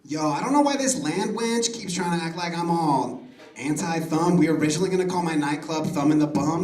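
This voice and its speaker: A man's voice: fairly high pitch, brisk, recorded from a distance, a crowd in the background. A male comedian doing a flamboyant, campy nightclub-owner bit in a comic debate at a pub. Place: pub stage with a live audience. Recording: roomy live recording from off-mic, audience noise.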